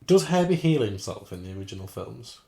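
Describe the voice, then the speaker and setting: A man's voice: on the low side, big pitch swings, brisk, vocal fry, dark tone. A man co-hosting a podcast, riffing in casual comedic chat. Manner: riffing, acts out silly quotes. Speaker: podcast co-host. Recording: roomy echo.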